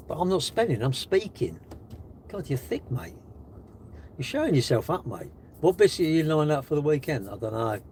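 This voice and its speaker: A man's voice: mid-range voice, creaky, a little hiss or hum. Sarcastic British man on a live stream. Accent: British English. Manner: sarcastic, mocking and lively. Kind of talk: live stream, reading and answering comments. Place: in a car while charging it.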